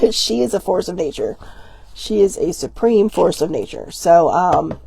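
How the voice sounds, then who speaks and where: A woman's voice: on the low side, very animated, unhurried, gravelly, warm tone, slightly rough, dry recording. A woman giving a casual oracle card reading, rambling and emotional, teary-eyed with watering eyes, often laughing and stopping herself mid-sentence. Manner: rambling, emotional, self-interrupting with laughs and ums.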